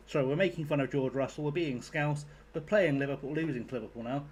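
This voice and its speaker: A man's voice: fairly high pitch, fast talker, hardly any pauses, darkish tone, a little hiss or hum. A young man streaming a game, chatting casually with his viewers, rambling, joking and swearing freely. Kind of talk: casual live-stream chat.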